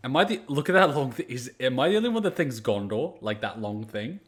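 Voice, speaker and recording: A man's voice: mid-range voice, animated, fairly quick, noisy background. A man hosting an anime reaction video, joking and blunt, swearing freely as he comments.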